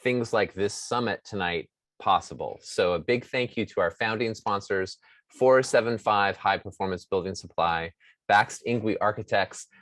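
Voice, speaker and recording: A man's voice: on the low side, normal speed, no echo. A man hosting a webinar, reading a list of sponsor thanks steadily, name by name. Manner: steady, reads names one by one.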